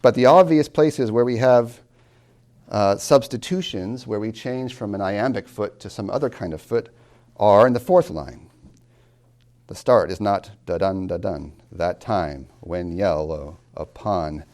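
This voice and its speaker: A man's voice: fairly low pitch, unhurried, a little mellow. A man lecturing as a college tutor on reading poetry, asking questions and answering them himself, and tapping out rhythms aloud.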